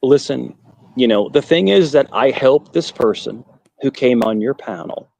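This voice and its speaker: A man's voice: medium pitch, animated, a little slow, creaky, a little mellow, no echo, rough recording. Boastful man in a heated panel debate. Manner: boastful, repetitive restarts. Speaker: panel guest.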